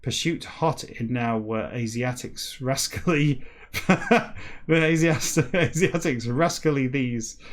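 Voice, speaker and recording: A man reading a classic novel backwards for comedy, slow and halting word by word, breaking off for quick muttered asides. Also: medium pitch. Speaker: comedy podcast reader.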